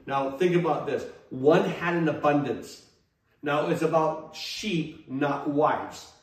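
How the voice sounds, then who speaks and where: A man's voice: fairly high pitch, slow. A man preaching a sermon as a pastor, emphatic, restarting phrases and putting questions to his listeners. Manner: emphatic, repeats and restarts, asks the congregation questions. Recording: echoey hall, mic at a distance, faint noise.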